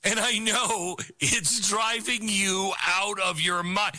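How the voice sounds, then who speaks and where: A man's voice: high voice, fairly even intonation, slow pace, pushed and bright. A middle-aged man hosting a political talk show, giving an opinionated monologue in a mocking tone, laughing often and repeating phrases for emphasis.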